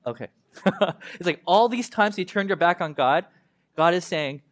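A man preaches in a relaxed, conversational way, slipping into voices to act out the people in the scripture. His voice sits a little high for a man, and his delivery swings between loud and soft. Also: moderate pace. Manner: conversational, animated, acts out voices of God and prophet. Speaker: pastor. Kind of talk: sermon.

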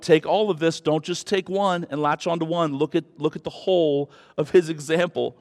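A man preaching a sermon as pastor, earnest, swinging from hushed lines to loud rises. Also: a little high, long reverb tail.

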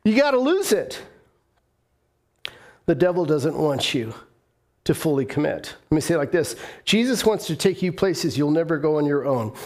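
High-voiced emphatic male preacher. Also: expressive, normal speed, darkish tone. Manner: emphatic and repetitive, acts out the voices of reluctant believers; leads the congregation in call-and-response. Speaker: pastor. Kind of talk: sermon.

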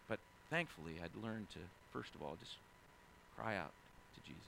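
A man in his forties, a pastor, preaching a sermon in a conversational way, swinging between loud excited stretches and hushed quiet ones, full of "you know" and "right?". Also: high-pitched, brisk. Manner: heavy use of fillers like "you know" and "right?".

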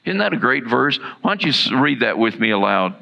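A man preaching a sermon as pastor, earnest and repeating key lines for emphasis, with a gravelly voice. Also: mid-range voice, sing-song, fairly quick, sharp tone, highs cut off.

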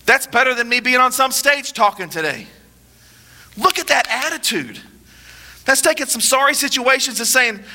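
A male pastor preaching a sermon with emphatic repetition, dropping low and quiet for solemn points. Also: animated, moderate pace.

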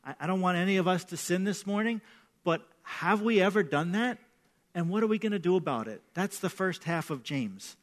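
Conversational pastor, man, higher voice. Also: lively intonation, fairly quick. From New York. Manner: conversational storytelling with repeated "right?". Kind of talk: sermon.

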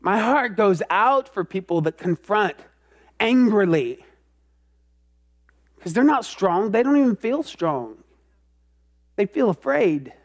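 High-voiced man preaching an animated sermon. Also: takes it slowly, pauses often. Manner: animated, self-mocking, swings into loud outbursts. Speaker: pastor.

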